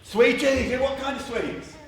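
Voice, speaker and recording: A man leading an interactive drama workshop, coaxing participants and narrating a story in a lively way. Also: very high voice, normal speed, creaky, a crowd in the background. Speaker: workshop leader. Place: theatre stage with a group. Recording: echoey theatre with audience.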